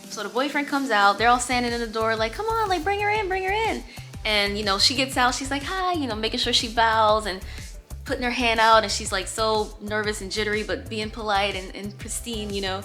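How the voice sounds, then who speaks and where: A woman's voice: fairly high pitch, fairly quick, soft background music. A woman vlogger telling a storytime tale in casual chat, acting out the voices of the people in it. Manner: animated, acts out quoted voices.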